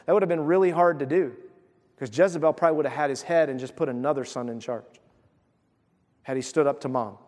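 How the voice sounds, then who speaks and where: A pastor with a fairly high voice delivers a sermon, retelling the scripture casually and slipping into voiced asides. His voice rings out with a long reverb, as if in a church sanctuary. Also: fairly quick, pauses often, a little mellow.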